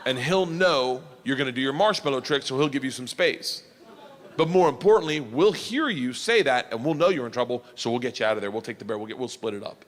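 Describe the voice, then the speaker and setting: A man voicing a calm, matter-of-fact bear trainer. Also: mid-range voice, fairly quick, big-room sound, close to an everyday voice. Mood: instructing.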